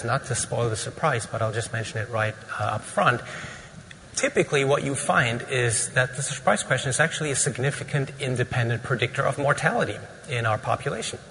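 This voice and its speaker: A man's voice: mid-range voice, sharp tone. Male physician presenter, casual and joking, in a reverberant hall with faint room noise. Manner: casual and joking, with many fillers. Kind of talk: conference lecture.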